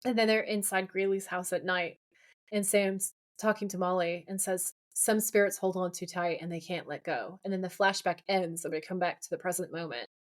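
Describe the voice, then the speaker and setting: A woman's voice: fairly low pitch, steady tone, normal speed. A woman co-hosting a podcast, retelling a TV episode in casual chat, quoting lines and ranting along the way. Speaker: podcast co-host.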